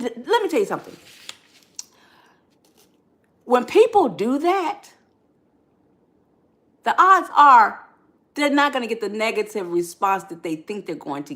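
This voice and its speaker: Animated woman coaching viewers on a live stream. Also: a little high. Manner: animated, preacherly, reads viewer comments, laughs often. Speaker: podcast host and life coach. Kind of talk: live-stream relationship advice chat.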